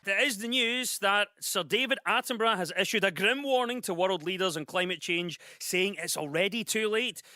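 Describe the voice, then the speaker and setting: Brief: male panel show host, high and bright, dry close sound. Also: dry recording. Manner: brisk, jokey, reads news links. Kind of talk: comedy panel show hosting.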